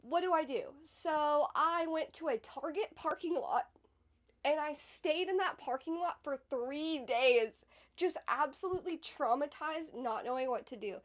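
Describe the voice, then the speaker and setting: A woman's voice: sits high, unhurried. A young woman telling a personal story in a casual vlog, chatty and full of "like," with emphatic bursts. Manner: chatty, fills speech with "like", emphatic swings in loudness. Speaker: podcast host.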